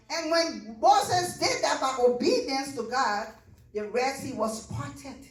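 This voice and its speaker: A woman's voice: high voice, expressive, slow pace, echoey room, far from the mic, rough recording. A woman preaching a sermon to a church, building to fervent, repetitive calls to the congregation.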